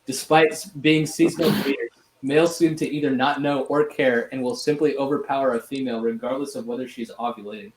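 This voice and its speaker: A man reading out a scripted rant in a sardonic, deadpan way, with crude asides. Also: medium pitch, fairly quick. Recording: roomy echo, faint noise.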